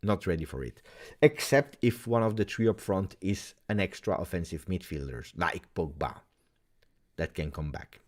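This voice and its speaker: A man's voice: low voice, normal speed. A man hosting a live football reaction stream, reading viewer comments and thinking aloud with lots of "eh?" and "uh". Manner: animated, thinks aloud with many uhs and tag questions. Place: home streaming setup in Belgium.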